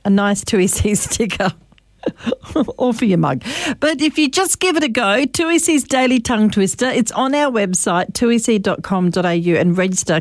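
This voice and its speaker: A woman's voice: on the high side, dry recording, clean studio sound. An Australian woman radio presenter with a slight lisp, chatting through a station promo with laughs.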